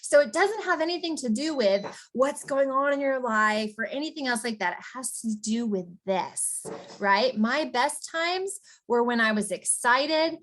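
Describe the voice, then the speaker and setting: Energetic woman giving a motivational talk. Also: high voice, a little slow. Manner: energetic, chatty, often asks "right?". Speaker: business coach.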